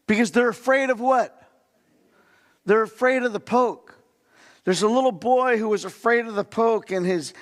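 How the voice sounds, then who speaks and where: A man delivers a sermon in a church sanctuary, his voice a little high with a gravelly edge. He preaches conversationally, asking the congregation questions and acting out quotes. A long reverb from the hall trails each phrase. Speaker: pastor.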